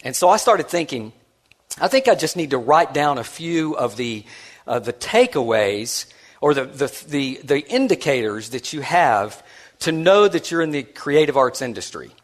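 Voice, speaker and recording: Delivering a conference keynote, a man tells a story in a conversational, self-deprecating way, restarting often and acting out the voices of the people he quotes. His voice is a little high, with big pitch swings at normal speed.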